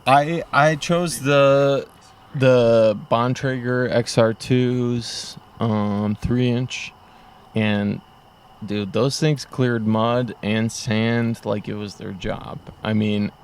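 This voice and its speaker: Young dude on a podcast, animated, laughs a lot, faint noise. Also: male voice, mid-range voice, drawn-out words. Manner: animated, laughs while talking. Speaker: podcast guest. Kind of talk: casual storytelling.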